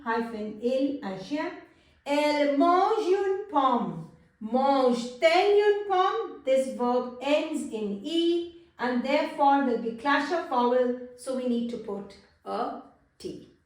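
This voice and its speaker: A woman teaching French grammar, patiently repeating example sentences. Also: sits high. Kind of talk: explaining grammar in English. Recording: echoey room, far from mic.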